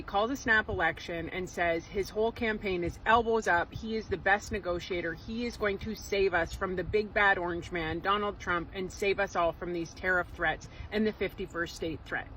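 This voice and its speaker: A woman's voice: mid-range voice, sharp tone, slight background noise, poor audio. A woman, giving emphatic, sarcastic political commentary in a vlog. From Canada.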